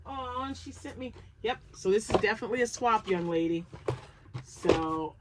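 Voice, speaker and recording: A woman hosting a crochet channel, chatting casually and thinking aloud as she excitedly unboxes yarn. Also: mid-range voice, measured pace, slight background noise.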